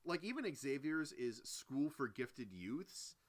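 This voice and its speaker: A man co-hosting a podcast, chatting casually as he recaps and reviews a film in a rambling, animated way. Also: mid-range voice, slow. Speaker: podcast co-host. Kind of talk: casual movie review chat.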